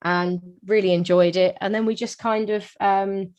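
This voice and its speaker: A woman's voice: mid-range voice, steady tone, moderate pace, a little mellow. Chatty woman singer. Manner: chatty, frequent ums. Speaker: singer, guest. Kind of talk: casual interview chat.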